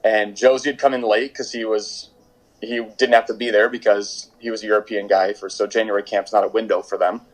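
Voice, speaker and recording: A young man with a fairly low voice tells stories as an interview guest. He rambles in a relaxed, chatty way, piling up fillers and restarting sentences as he goes. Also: fairly quick, poor audio. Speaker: professional soccer goalkeeper, guest. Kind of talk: casual interview storytelling. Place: home during quarantine.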